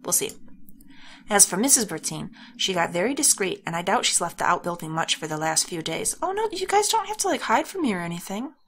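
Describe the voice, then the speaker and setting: A young American woman chatting her way through a story game, thinking out loud and amused by what she reads. Her voice sits at an everyday mid pitch. A faint hiss runs under the recording. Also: big pitch swings, fairly quick. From United States. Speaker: let's play host. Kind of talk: casual game commentary.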